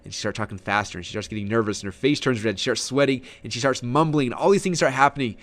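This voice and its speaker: A man coaching on online sales in a webinar lesson, energetic and salesy, with frequent restarts. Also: mid-range voice, fast talker. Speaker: marketing coach. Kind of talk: webinar teaching.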